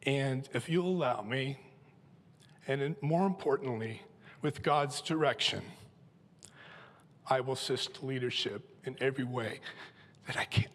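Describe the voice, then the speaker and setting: A man's voice: medium pitch, unhurried, pauses often, big-room sound. A seventy-year-old man from Southern California, humbly and emotionally introducing himself as an elder candidate on a church stage with a handheld mic. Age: 70s. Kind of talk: personal testimony on stage. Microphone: handheld microphone.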